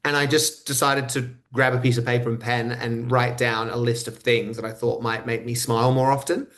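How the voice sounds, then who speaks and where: Man, australian accent, podcast guest, thirties, mid-pitched, stop-start phrasing. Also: level tone, a little fast, fairly bright tone. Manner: hesitant, repeats words when starting. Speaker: guest speaker. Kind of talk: conversational interview answers.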